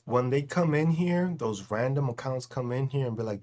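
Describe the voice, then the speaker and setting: A man ranting casually on a livestream, profane and laughing, swinging between loud outbursts and slow, low talk. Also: lively intonation. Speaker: livestream host.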